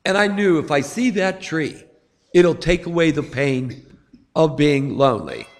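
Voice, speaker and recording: A middle-aged man preaching a sermon to a congregation, slow and emphatic with dramatic pauses. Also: on the high side, expressive. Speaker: pastor. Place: church sanctuary. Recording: long hall reverb.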